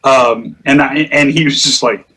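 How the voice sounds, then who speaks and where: A man's voice: mid-range voice, steady tone, unhurried, sharp tone. A man chatting casually about online gaming, telling stories with lots of swearing and laughter, acting out quotes. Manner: profane, laughing storyteller who acts out quotes.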